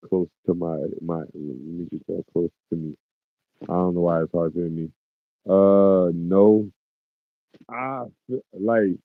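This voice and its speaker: A man hosting a casual podcast, loose and profane, who keeps circling back and repeating himself. His voice sits a bit low. It comes through a tinny, phone-like line with a dry, close sound. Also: dry recording. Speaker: podcast host.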